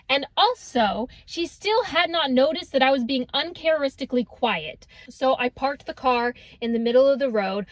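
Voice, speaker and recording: Young woman, high pitched, dry close sound, sarcastic storytelling, comedic vlog. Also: no echo. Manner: sarcastic, dramatic quoted voices.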